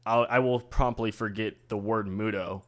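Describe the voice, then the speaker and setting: A man co-hosting a podcast, giving measured, thoughtful opinions in casual chat, with some hesitations. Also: fairly low pitch, steady tone. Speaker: podcast co-host.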